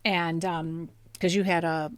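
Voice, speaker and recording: A woman's voice: lowish voice, little pitch movement, measured pace, no room sound. A young woman co-hosting a podcast, chatting casually and rambling with fillers and restarts. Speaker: podcast co-host. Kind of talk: casual chat.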